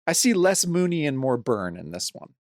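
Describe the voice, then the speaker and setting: A man's voice: fairly high pitch, sing-song, moderate pace, a little mellow, no room sound, clean studio sound. A man co-hosting a casual comic book podcast, talking bluntly and swearing now and then. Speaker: podcast co-host.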